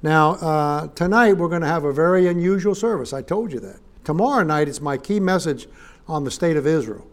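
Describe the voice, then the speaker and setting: A traveling preacher speaks to a live congregation in a voice pitched a little high for a man. He talks in a folksy, joking way, asks for amens and calls his listeners neighbor. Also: lively intonation, a little fast. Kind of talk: humorous sermon opening to a congregation. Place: church service in front of a live congregation.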